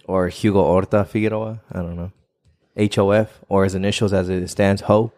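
A man's voice: sits low, level tone, normal speed, a little mellow. A man co-hosting a podcast in casual chat, laid-back, trailing off and swearing casually. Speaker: podcast co-host.

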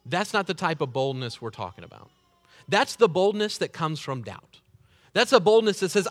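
Guy preaching, super animated, swings his voice way up and down, slightly high, chatty. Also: normal speed. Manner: animated and conversational, acting out quoted prayers. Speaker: pastor. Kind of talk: sermon.

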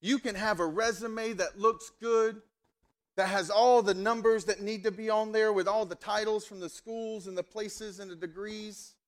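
A man preaching a sermon as a pastor, telling stories in a chatty, animated way and getting fired up and emphatic. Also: sits high, normal speed. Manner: conversational, animated storytelling with many asides; fired-up, emphatic when worked up.

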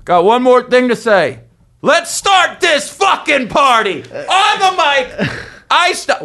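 A man telling a rowdy story in a casual podcast chat, animated and swaggering, acting out the people he describes. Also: very high-pitched. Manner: animated, swaggering storyteller who acts out the people in his stories. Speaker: podcast co-host.

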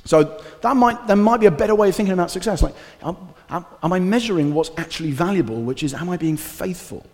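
A male pastor giving a conversational, animated sermon with casual asides. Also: high-pitched, fast. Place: church hall. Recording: reverberant church hall.

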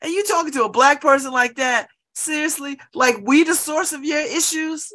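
A middle-aged woman chatting casually at home by an open window, laughing often and breaking into animated asides. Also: sits high, normal speed. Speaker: vlogger. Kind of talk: casual monologue.

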